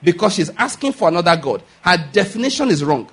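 High-pitched husky male preacher. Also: big pitch swings, quick pace, fairly bright tone. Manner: emphatic, asks rhetorical questions and repeats key lines; calls for audience responses. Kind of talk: sermon.

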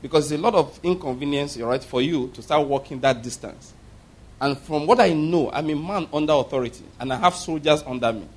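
A man's voice: on the high side, fairly quick. A middle-aged man preaching a sermon, telling stories with emphatic repetition. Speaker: pastor.

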